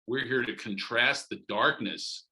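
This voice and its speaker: A middle-aged man, a comedian guest on a podcast interview, joking and animated, leaping into loud comic asides. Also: mid-range voice, measured pace, rough recording.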